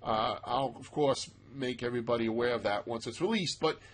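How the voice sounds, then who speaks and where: A man's voice: medium pitch, brisk, a little hiss or hum. A man giving casual, emphatic stock market commentary over charts, with self-mocking asides.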